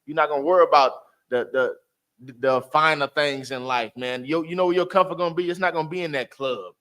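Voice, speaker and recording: A man leading a Bible class, teaching in a lively, preachy way with street slang and loud exclamations. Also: on the high side, fairly quick.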